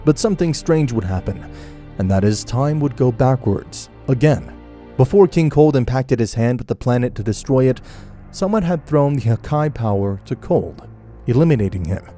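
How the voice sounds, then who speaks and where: A man narrating a fan-theory story in a steady storytelling manner. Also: mid-range voice, normal speed. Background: faint music.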